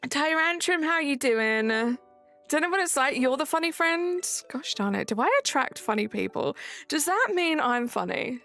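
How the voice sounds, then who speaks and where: A woman's voice: sits high, expressive, normal speed, fairly bright tone. A young woman live streaming at home on a desk mic, chatting casually, reading chat aloud and joking back. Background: faint game music.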